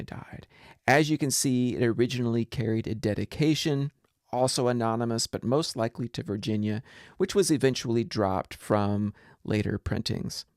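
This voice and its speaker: A man lecturing on literature in a measured, deliberate way, reading verse aloud. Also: mid-range voice, gravelly, darkish tone, no room sound, studio quality. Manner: measured, deliberate delivery with poems read aloud. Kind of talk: recorded lecture.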